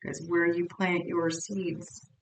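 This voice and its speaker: A woman's voice: on the low side, flat delivery, takes it slowly. Blunt chatty woman reading tarot, roomy sound. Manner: blunt, chatty, repeats herself. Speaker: tarot reader. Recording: roomy echo, distant mic, faint noise.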